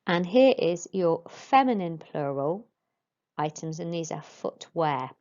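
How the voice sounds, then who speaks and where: A woman, teaching French to pupils and modelling each word slowly and clearly. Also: on the low side, expressive, darkish tone. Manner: slow, careful modelling of pronunciation for pupils. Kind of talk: recorded classroom lesson. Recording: dull lo-fi recording.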